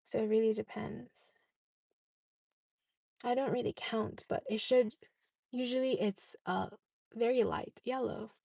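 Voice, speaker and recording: Woman, young adult, vlogger, casual chat, dry close sound, gravelly. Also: fairly high pitch, steady tone, unhurried, long pauses, dark tone, no room sound. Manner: chatty, often checks in with "okay?". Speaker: vlogger answering viewer questions.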